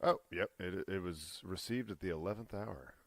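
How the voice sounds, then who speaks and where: Man, low gravelly voice, lively pitch, laid-back halting talk, dry close sound. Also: no echo. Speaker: podcast co-host. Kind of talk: casual chat.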